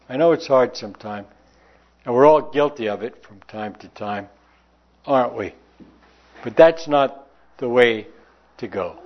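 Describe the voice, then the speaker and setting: A man preaching a sermon, reading scripture aloud and pressing the listeners with rhetorical questions. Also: mid-range voice. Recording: dull lo-fi sound.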